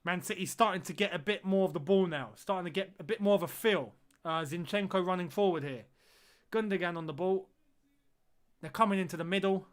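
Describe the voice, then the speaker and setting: A man's voice: high voice, fairly quick. A man streaming a football watch-along, reacting live to the match and repeating phrases as he groans and exclaims at the play.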